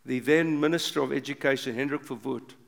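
An older man preaching an impassioned sermon, swinging from loud urgent bursts to hushed low passages. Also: steady tone, fairly quick, gravelly. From South Africa. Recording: long reverb of a big hall.

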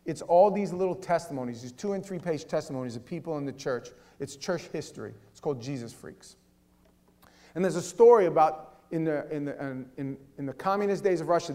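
Animated male pastor preaching. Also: fairly high pitch, fairly quick. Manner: animated, swings between loud and hushed, casual slang. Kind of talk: sermon.

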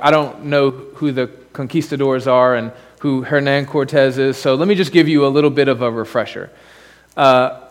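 A man preaching to his congregation in a conversational way, with rhetorical questions and offhand asides. His voice sits a little higher than most men's. The sound carries the long reverb of a church hall. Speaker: pastor. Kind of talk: sermon. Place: church sanctuary.

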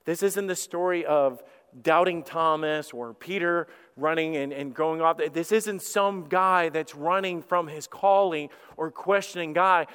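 A man preaching a sermon as lead pastor, telling the story in an animated way and acting out characters, heard with long hall reverb. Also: a little high, measured pace, smooth.

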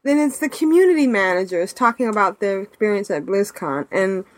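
A woman hosting a podcast in casual chat, animated and chatty, laughing often, talking over a remote call mic. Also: medium pitch, brisk, a little hiss or hum. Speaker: podcast host.

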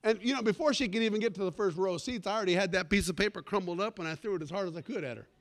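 A man pastor preaching a sermon, telling a comic story with animated delivery and sudden shouts. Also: high-pitched, very fast.

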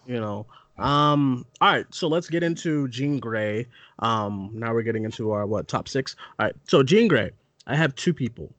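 A man's voice: mid-range voice, lively intonation, moderate pace, a bit bright, no room sound. A man hosting a casual movie podcast, loose and chatty, swearing now and then. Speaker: podcast host. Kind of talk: casual chat.

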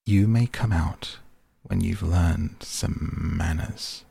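A man voicing a cold, controlling false mother, soft and icy, in a storybook reading. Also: low-pitched, slow pace, creaky, husky, no echo, exaggerated voice.

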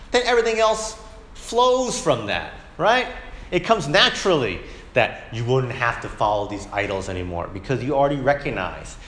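An adult man, a parent of young kids, teaches a conversational Sunday school Bible lesson in a church classroom. His medium-pitched voice moves at a normal speed in an echoey room with a little hiss or hum. He's animated, keeps asking "right?", and acts out quotes.

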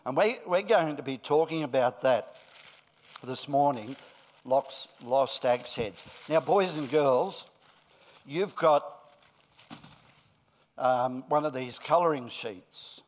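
Slow-speaking male pastor. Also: mid-range voice. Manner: friendly, coaxing with the children, then deliberate. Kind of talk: sermon with a children's talk.

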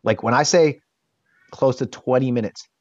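Male guest, mid-pitched, frank storyteller, dull dry recording. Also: moderate pace, no echo. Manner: animated, candid storyteller who swears casually. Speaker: interview guest. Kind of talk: casual storytelling.

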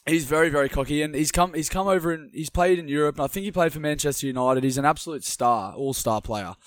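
Young aussie bloke rambling about sport, higher voice, dead dry sound. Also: male voice, quick pace, dry recording. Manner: rambling, full of restarts and laughs. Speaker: co-host. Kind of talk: casual sports chat.

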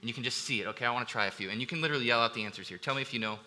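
A male pastor delivers a sermon in a very bright, ringing voice. He moves between earnest, building emphasis and easy asides to the congregation, at a middle pitch. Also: very fast. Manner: earnest preaching that builds to emphatic, rising passages. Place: church hall with a congregation.

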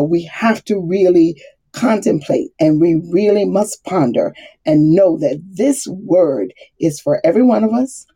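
A woman's voice: on the low side, warm tone, slightly rough. A middle-aged woman giving a casual faith talk, laughing often and acting out the voices she quotes. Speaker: Bible study speaker.

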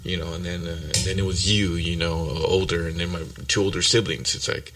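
A man's voice: sits low, level tone, a little fast, a bit bright, far from the mic. A middle-aged man, talking casually and bluntly with heavy swearing and bits of Spanish. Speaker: guest. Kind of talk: casual chat. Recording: dry sound, speaker off mic.

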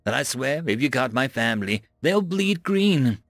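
A man's voice: mid-range voice, very animated, normal speed, a bit bright, dry recording, studio quality. A man voicing a scheming, childish female dungeon pixie with a sugary, mocking, fake-innocent way of talking. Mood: sugary pleading.

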